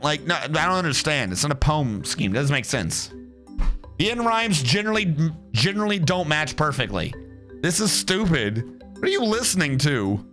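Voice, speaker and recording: A man's voice: a little high, big pitch swings, moderate pace, sharp tone, faint music behind. Sarcastic man streaming a game. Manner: sarcastic, swears, laughs, reads game text aloud. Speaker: streamer playing a strategy game. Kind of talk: casual let's play commentary.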